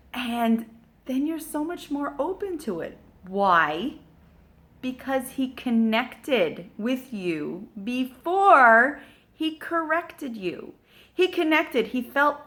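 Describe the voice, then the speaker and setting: A woman with a fairly high voice coaches parents in a relaxed, chatty way. She acts out little exchanges as she goes and fills her talk with "like" and "you know.". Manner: animated, acts out little dialogues, many fillers. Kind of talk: casual advice talk to camera.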